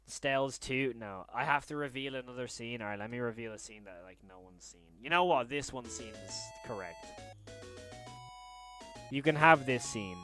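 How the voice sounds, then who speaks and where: Young man, livestream host, casual chat, excitable and emotional, middle pitch, faint music behind. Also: normal speed. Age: young adult. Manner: excitable, then hushed and emotional.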